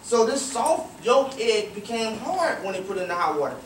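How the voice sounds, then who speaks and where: A man's voice: high-pitched, very animated, moderate pace, crowd noise. A man giving a motivational storytelling talk to a young audience, quizzing them with questions and repeating phrases for emphasis. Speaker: guest speaker at a youth cricket academy. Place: large room with an audience. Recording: roomy, distant, faint ambience.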